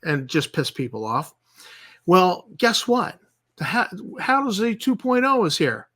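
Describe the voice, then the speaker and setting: A man on his own channel, delivering an exasperated, sarcastic rant. His voice sits a little high and comes across bright and forceful. He keeps circling back to the same points and repeats them for emphasis. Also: sing-song, measured pace. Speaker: channel host. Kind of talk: ranting commentary.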